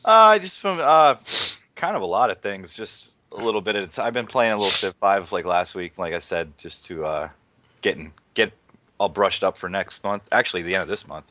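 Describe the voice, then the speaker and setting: A young man in his twenties, a gaming podcast co-host with a lowish voice, talks in a laid-back way and drops the odd swear. His mic sounds dull and dry. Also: lively intonation, brisk, bright, forceful tone, no echo. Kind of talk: casual gaming podcast chat.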